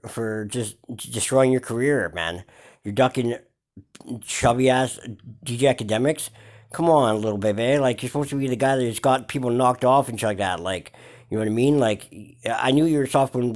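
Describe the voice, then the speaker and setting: A man's voice: medium pitch, darkish tone. A man hosting a hip-hop gossip vlog, ranting in a mocking tone full of slang, swearing and fillers. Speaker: vlog host. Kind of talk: profane hip-hop gossip commentary rant.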